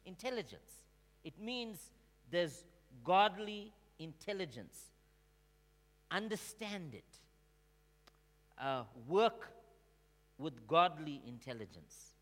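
A male pastor preaching a sermon in a church, slow and emphatic, calling on the congregation to answer back and swinging from quiet to shouting. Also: a little high, big pitch swings. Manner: call-and-response with the congregation. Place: church sanctuary. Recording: long reverb of a large hall.

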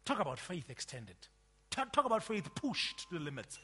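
A man preaching a sermon, emphatic, swinging between loud outbursts and quiet asides. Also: high-pitched, big pitch swings, normal speed, slightly rough.

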